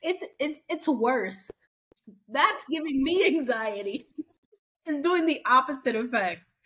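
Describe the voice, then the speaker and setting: A woman co-hosting a casual podcast, recapping a reality show and acting out quotes in lively voices. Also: sits high, takes it slowly, slightly rough. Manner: chatty, acts out quotes in animated voices. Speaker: podcast co-host.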